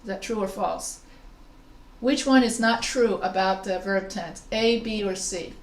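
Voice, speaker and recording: A woman's voice: medium pitch, echoey room. A woman instructor giving a grammar lesson to an online class, explaining step by step and calling on students. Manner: explains slowly with examples, asks students questions. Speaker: writing instructor.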